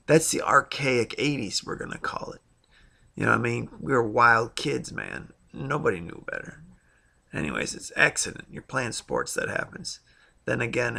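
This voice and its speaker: With a medium-pitched, creaky, husky voice and a sharp edge, this man in his thirties vlogs a casual monologue about things that have happened to him. He's blunt and rambling, dropping frequent fillers and side comments.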